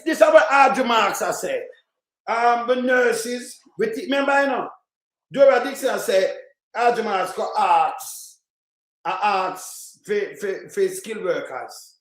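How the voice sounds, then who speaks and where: A man with a Jamaican accent ranting in heated, crude, repetitive online commentary, shouting at times. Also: extremely high pitch. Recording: roomy echo.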